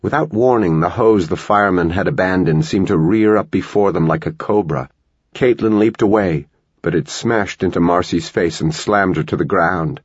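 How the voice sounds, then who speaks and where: A man narrating a tense novel in steady storytelling, in a dull lo-fi recording. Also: low voice, moderate pace, slightly rough, no room sound. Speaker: audiobook narrator. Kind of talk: scripted narration.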